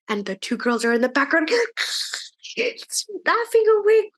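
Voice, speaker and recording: Animated woman telling a children's story. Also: sits high, a little slow, long pauses. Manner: animated, chatty, with fillers. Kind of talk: children's story told at church.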